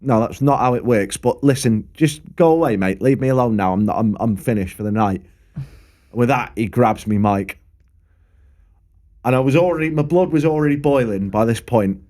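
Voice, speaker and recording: A man's voice: medium pitch, moderate pace, a little mellow. A young man in a middle-range voice. He tells sweary, laid-back stories in casual podcast chat. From Preston area, England. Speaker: podcast co-host, local musician.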